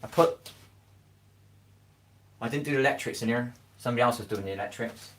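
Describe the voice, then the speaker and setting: Here the Scottish livestreamer talks a little fast in a mid-range voice, with some hiss or hum behind him. Sitting in his home kitchen, he rambles through casual chat and keeps asking "do you know what I mean."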